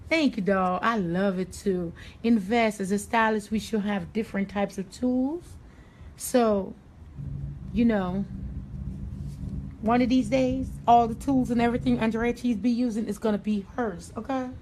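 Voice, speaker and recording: A woman's voice: fairly high pitch, steady tone, unhurried, a little mellow, a little hiss or hum. A woman from New York hosting a live hair tutorial, chatting sassily and directly to her viewers. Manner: sassy, chatty, addresses viewers directly as "y'all" and "honey". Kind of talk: casual live-stream chat while styling hair.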